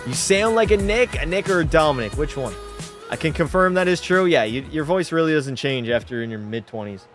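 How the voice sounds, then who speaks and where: A man in his twenties streaming a hockey video game live, talking to chat with excitable, crude trash talk, swinging between loud outbursts and low asides. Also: fast, faint music behind. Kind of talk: live gaming commentary to chat.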